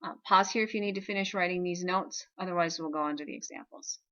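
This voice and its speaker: A woman's voice: on the low side, fast, bright, forceful tone, dull audio. A woman teaching a recorded video lesson, explaining patiently and checking in with frequent "okay?". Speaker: Spanish teacher.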